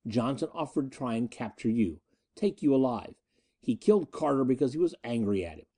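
A calm and menacing pirate chief, as a male narrator puts him on, his lines coming in a measured, matter-of-fact tone. The voice is dark and mellow, yet it rises and falls freely through each threat. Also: medium pitch. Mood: cold, menacing. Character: cunning ruthless male space-pirate leader, calm and menacing.

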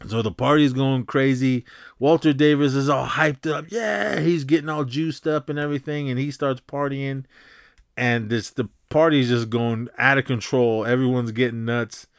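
A man recapping a film in a loose, chatty way, full of fillers and restarts, who jumps into higher, faster voices when quoting characters. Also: fairly even intonation, clean tone, dry recording, studio quality. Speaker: podcast host recapping a film. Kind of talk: casual rambling recap.

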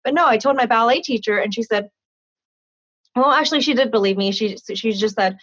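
A woman's voice: on the high side, brisk, a bit bright, slightly rough, dry recording. A woman in her thirties, a guest, telling her own story candidly and animatedly, often laughing and acting out conversations. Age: 30s. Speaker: interview guest. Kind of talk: personal storytelling in an interview. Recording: dull dry lo-fi sound.

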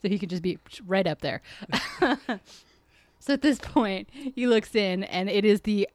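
A woman's voice: medium pitch, unhurried, a little mellow, dry recording. A woman co-hosting a podcast, chatting casually as she recaps an episode, laughing often and acting out lines. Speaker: podcast co-host.

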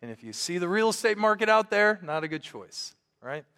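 Earnest pastor in a reverberant church. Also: male voice, high-pitched, big pitch swings, fairly quick, sharp tone, clear, resonant tone. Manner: earnest, conversational, with frequent restarts. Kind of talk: storytelling sermon.

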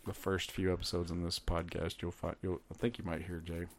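A man co-hosting a podcast, casual chat, enthusiastic and quick with punchy interjections. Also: low-pitched, level tone. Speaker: podcast co-host.

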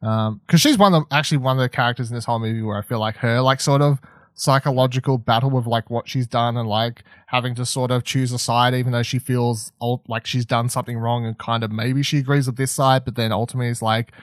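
A man's voice: medium pitch, fairly even intonation, fast talker, no room sound, clean studio sound. A man co-hosting a casual film podcast, rambling and swearing freely as he acts out lines. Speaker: podcast co-host.

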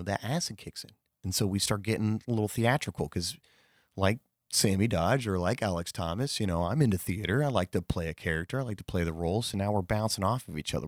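A man with a very low voice tells a loose, casual anecdote. He rambles, corrects himself and swears freely. The recording is dry with no room sound. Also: dry recording. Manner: rambling, with fillers, profanity and self-corrections. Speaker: storyteller.

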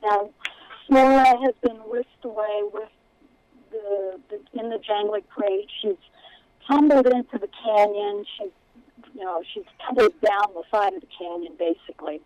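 A woman, a children's author, reading aloud from her book with expressive storytelling in an interview. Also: medium pitch, measured pace, no echo, highs cut off.

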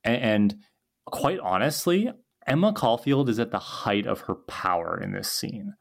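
A man's voice: fairly low pitch, expressive, a little slow, creaky. A man co-hosting a podcast, talking enthusiastically and reflectively about an episode in casual chat. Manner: enthusiastic, reflective, talks in long musings. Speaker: podcast co-host.

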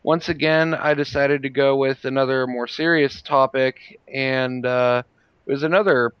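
Man, podcast host, smooth clear voice, rambling, lots of um and uh, dry room. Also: mid-range voice, steady tone, normal speed, no echo, highs cut off. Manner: rambling with many fillers. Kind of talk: casual podcast chat.

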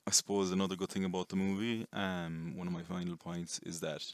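A man giving a casual, rambling movie review, chatty and quick to swear. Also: low voice, little pitch movement, no room sound. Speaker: film reviewer.

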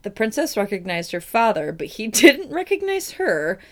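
A woman podcast co-host telling an old fairy tale in a loose, joking way. She keeps the story moving with irreverent, swearing asides. Her voice sits at an ordinary middle pitch for a woman. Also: very animated, a bit bright. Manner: irreverent retelling with quick put-on voices for characters. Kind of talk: casual comedic storytelling.

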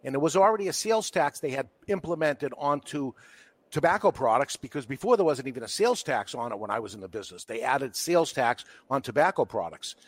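Fast and medium-pitched, a cigar retailer from Boston tells stories on a podcast in a relaxed, lively way, acting out every quote. The audio carries no room sound.

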